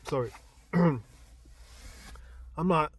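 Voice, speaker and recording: A man, recounting a dream in a casual storytelling vlog, his voice climbing high and loud as he gets excited. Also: very slow, a little hiss or hum.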